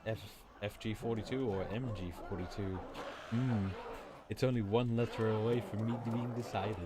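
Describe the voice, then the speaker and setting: A man's voice: on the low side, steady tone, normal speed. A young man with an accent that drifts partly American, rambling casually and swearing during a late-night gaming stream. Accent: mixed, partly American. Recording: noisy with game gunfire.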